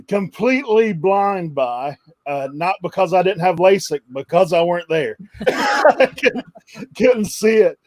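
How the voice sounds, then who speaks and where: Chatty higher-pitched male guest storyteller. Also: darkish tone, no echo. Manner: chatty, laughs through his story. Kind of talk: casual storytelling.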